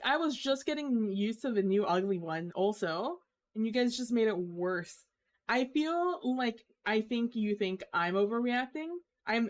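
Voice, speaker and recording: A woman streaming live and chatting with her viewers in an unhurried, drawn-out way. She complains with theatrical exasperation and groans between her sentences. Her voice sits at a middle pitch. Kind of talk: casual live-stream chat.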